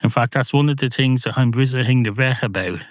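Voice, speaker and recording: A man's voice: mid-range voice, fairly quick, no echo, clean studio sound, pitched above the performer's own voice, natural voice. An Irish man voicing a matter-of-fact talking dog who reasons things out at the vet. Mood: reasoning.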